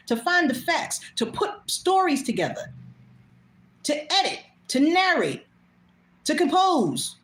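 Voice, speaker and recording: A woman hosting her own show, talking bluntly and casually, swearing freely and laughing often. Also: high-pitched. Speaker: host. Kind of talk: casual monologue. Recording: echoey room.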